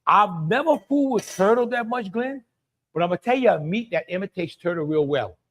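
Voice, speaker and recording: A man's voice: high-pitched, animated, fairly quick, a bit bright. A middle-aged man with a Cajun accent hosting a live cooking stream, talking in a folksy way and greeting viewers by name. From Louisiana. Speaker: cooking show host.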